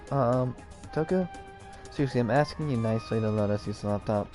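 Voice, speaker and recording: A man streaming a story video game, reading the narration aloud in a casual, animated way. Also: mid-range voice, gravelly. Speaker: gaming streamer.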